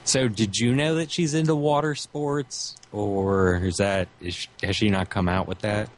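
Deep-voiced man with dry replies. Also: steady tone, unhurried. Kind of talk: crude casual banter.

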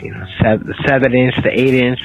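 A man's voice: mid-range voice, fairly even intonation, fairly quick, creaky, highs cut off, faint music behind. A man leaving a voicemail, crude and a bit sheepish.

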